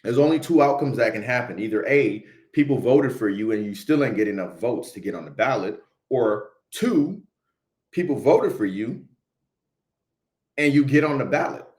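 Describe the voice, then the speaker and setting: On a livestream, a young videographer with a Haitian accent spins a story in emphatic slang, often asking "right?". He speaks at medium pitch and normal speed, with lively intonation and a slightly mellow quality. There's a roomy echo in the audio.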